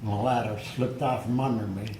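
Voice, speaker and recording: A man's voice: on the low side, fairly even intonation, fairly quick. An older man, a grandfather, with a worn voice, telling family stories with dry, wry humor. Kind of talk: casual family chat. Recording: echoey room with faint noise.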